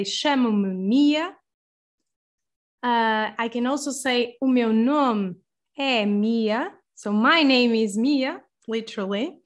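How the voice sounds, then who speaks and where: Slow, patient Portuguese woman teaching. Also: fairly high pitch. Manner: patient, repeats words slowly, light laughs. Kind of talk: slow explanatory online lesson.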